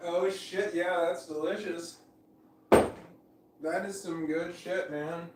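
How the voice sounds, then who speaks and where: Speaking slowly with long pauses, a middle-aged vlogger with a voice that sits high and fairly even intonation rambles casually to himself on a livestream. He's at home with a fan running, the sound roomy with background noise, and he coughs repeatedly while meandering, correcting himself, and chuckling.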